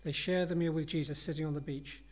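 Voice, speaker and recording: Guy preaching a sermon, chatty and earnest, bit higher voice than usual for a man. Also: steady tone, quick pace, darkish tone. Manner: conversational, earnest and reflective.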